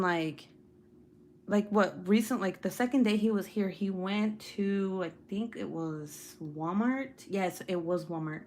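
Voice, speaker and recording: A woman's voice: medium pitch, darkish tone, slight background noise. A young woman hosting a casual livestream, chatting with viewers, swearing freely and laughing often. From United States. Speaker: livestream host reading viewer comments. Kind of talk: casual live chat.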